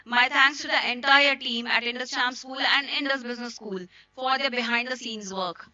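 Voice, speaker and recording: A hoarse middle-aged woman with an Indian accent speaks as a school principal at a stage microphone. Her voice is very bright and sits a little high. The sound is dry and slightly muffled, and she mixes English with Hindi. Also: fairly even intonation, normal speed, no room sound. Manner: switches between English and Hindi. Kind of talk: speech at a school event.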